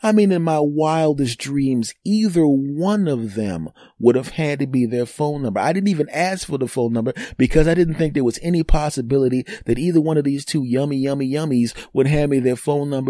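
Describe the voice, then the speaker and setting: A podcast host in his fifties tells a story in a boastful, joking monologue, sometimes mimicking other people's voices. His medium-pitched voice has a warm tone, captured in a dry, clean studio recording.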